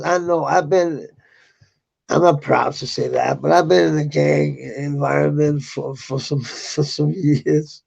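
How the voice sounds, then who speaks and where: A man's voice: a little high, fairly even intonation, takes it slowly, gravelly, slightly rough. A middle-aged man telling a personal story in a rambling, profane way, with bitter outbursts.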